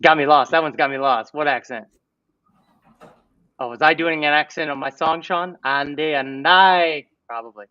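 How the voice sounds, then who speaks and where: A man's voice: a little high, moderate pace, pauses often, pushed and bright, dry recording, far from the mic, muffled recording. A man hosting a casual livestream chat, playful and giggly, breaking into goofy little songs. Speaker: livestream host.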